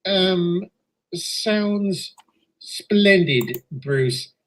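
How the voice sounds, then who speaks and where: A man's voice: high-pitched, lively intonation, extremely slow, a bit bright, full character voice. A man voicing a reluctant male train engine with a put-on English accent, speaking hesitantly and wearily. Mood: weary.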